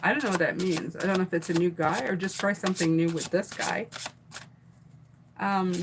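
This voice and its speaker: Over a noisy background, a middle-aged tarot reader with a lowish, fairly even voice talks a little fast during her live stream. She reads viewer comments aloud and chats loosely, using fillers and restarting often.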